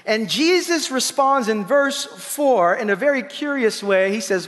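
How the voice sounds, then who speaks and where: High-voiced man preaching in a reverberant hall. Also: moderate pace, hardly any pauses. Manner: animated, playful preaching with laughs and voiced asides. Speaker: pastor. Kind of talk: sermon.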